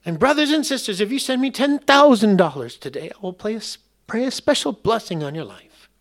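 A man's voice: sits high, expressive, brisk, voice pushed up. A man putting on a greedy male TV preacher with a Southern accent, pleading for money in a sing-song way. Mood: wheedling. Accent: American Southern.

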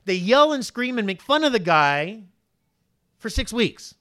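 A man with a notably high voice preaches a sermon with animated energy. He keeps tossing rhetorical questions at his congregation and swings between punchy emphasis and quieter asides. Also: a little slow. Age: adult father. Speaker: pastor.

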